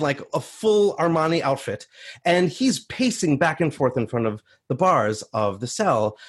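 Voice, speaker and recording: A man telling a first-person story on stage, animated and acting out the voices of others. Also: on the high side, breathy edge. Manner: animated, acts out voices in quotes.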